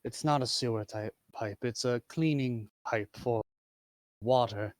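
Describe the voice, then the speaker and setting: Game master, man, halting delivery with fillers, dry recording. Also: medium pitch, no echo. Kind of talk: narrating a tabletop game.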